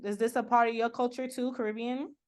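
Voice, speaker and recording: A relaxed woman interviewer leads an easygoing chat with a fairly high voice. She drops short affirming sounds between her guest's answers. Her questions come out loose and friendly. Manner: relaxed, laughs along, quick affirming fillers.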